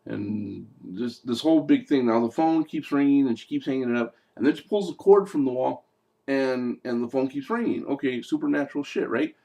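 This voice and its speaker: A man talks through a movie review in a loose, casual way, often stopping with "um" and "uh" to head off on a tangent. His voice sits at a plain middle pitch. He keeps the tone offhand and jokey as he goes. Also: moderate pace, vocal fry, warm tone. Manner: rambling and digressive, with many fillers and jokes. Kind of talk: casual film review vlog.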